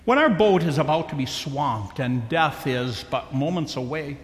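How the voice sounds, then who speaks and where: A man preaching a sermon, slow and emphatic with dramatic pauses. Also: a little high, animated. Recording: echoey hall with long reverb.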